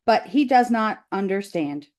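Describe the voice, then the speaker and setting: A calm, courteous robot from a children's storybook speaks in slow, measured sentences, as a woman teacher reads her part aloud. Every phrase is formal and even. The pace is unhurried, like a read-aloud for kids. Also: mid-range voice, close to an everyday voice. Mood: polite. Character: friendly female robot, calm and polite.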